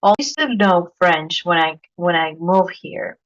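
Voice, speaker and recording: On a dull lo-fi recording, a Colombian woman with a Spanish accent hosts a casual podcast interview in a lowish, unhurried voice. She tells anecdotes earnestly, often repeating words as she hunts for the right ones.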